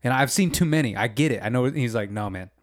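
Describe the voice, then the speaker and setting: A man's voice: mid-range voice, fast talker, dry recording, clean studio sound. A man chatting casually about a TV show, laid-back, saying "dude" and "man" and swearing freely. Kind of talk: casual chat.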